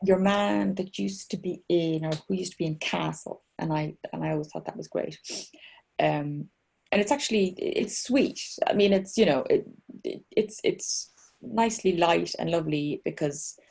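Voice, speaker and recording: A woman's voice: lowish voice, normal speed, vocal fry, darkish tone. A middle-aged woman, chatting as an author guest over a video call from home, rambling and self-mocking with many restarts. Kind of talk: casual chat.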